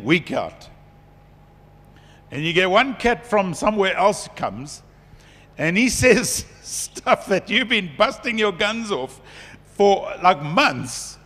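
A middle-aged man preaching a conference sermon as a pastor, chatty and lively, laughing between points. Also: fairly high pitch. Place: large conference hall. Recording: long hall reverb.

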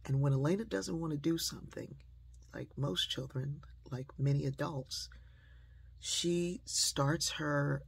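An older woman telling a family story that turns into a life lesson. She speaks in a sermon-like way and often drops into soft whispers for emphasis. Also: sits low, a little slow, creaky, husky. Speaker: speaker sharing a personal lesson.

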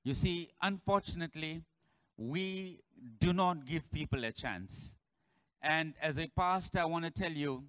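A pastor preaching a sermon in church, building to shouted refrains and calling on the congregation to answer. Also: male voice, on the high side, animated, normal speed, dry recording, low-quality recording.

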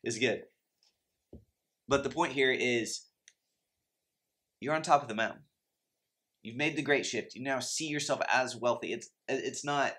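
This man speaks at a medium pitch, unhurried and pausing often, with a bright and forceful tone. He's a Christian finance teacher preaching to camera about faith and money in a conversational, impassioned way, with plenty of asides to his viewers.

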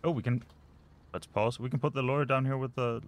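A man's voice: medium pitch, fairly even intonation, a little fast, slight background noise. A man casually commenting while he plays a management game, often muttering and trailing off as he thinks aloud. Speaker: let's play host.

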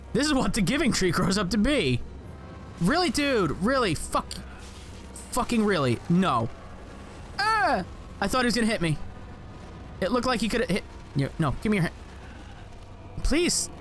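A man giving let's play commentary on a video game, excitable, swearing and yelling at enemies, his voice cracking at times. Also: sits high. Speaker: gaming channel host.

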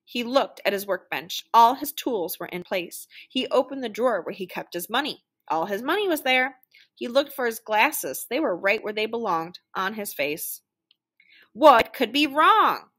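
Woman, storybook read-aloud, bright voice, lively pitch, playful sound effects. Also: moderate pace, breathy edge. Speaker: children's book reader.

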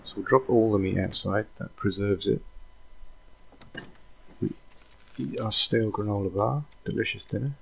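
A man giving casual, thinking-aloud commentary while playing a video game, drifting into relaxed, rambling asides. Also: fairly low pitch, moderate pace, gravelly, pauses often, slightly rough. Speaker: let's play host.

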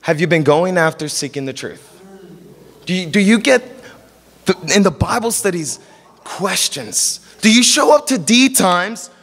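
A man preaches a sermon with an animated delivery, slipping into the voices of the people he quotes. His voice is high and bright. The sound carries a long reverb from a church hall. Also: measured pace.

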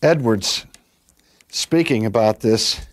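An older man, a pastor, delivers a sermon with a fairly low pitch and a slow pace. He tells stories earnestly and stretches out key words for emphasis.

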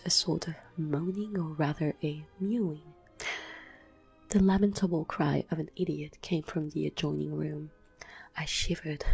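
A woman reading a classic story aloud in a slow, hushed ASMR whisper. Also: low-pitched. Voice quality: breathy whisper. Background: soft classical music.

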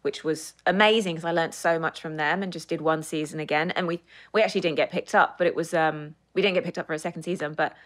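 Lively woman from the UK, low voice. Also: quick pace. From United Kingdom. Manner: animated storyteller, lively laughs. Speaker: actress guest. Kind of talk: casual podcast chat. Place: studio.

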